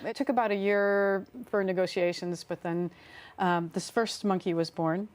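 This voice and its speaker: Telling stories as a guest in a casual interview, a middle-aged woman who is an artist and songwriter laughs often and uses many fillers and restarts. She speaks at a moderate pace with a medium, slightly mellow voice and fairly even intonation.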